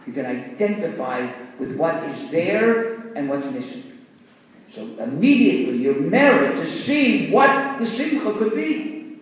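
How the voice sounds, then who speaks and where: Rabbi lecturing in an echoey hall. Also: male voice, a little high, big pitch swings, a little slow, far from the mic. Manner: earnest, explanatory, mixing in Hebrew terms. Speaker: rabbi teaching students. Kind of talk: Torah lecture with storytelling.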